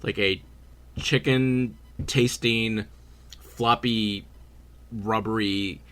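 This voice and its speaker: A man's voice: on the low side, fairly even intonation, very slow, a bit bright. A man hosting a podcast, casually recapping a horror movie with sarcastic, swearing asides. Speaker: podcast host.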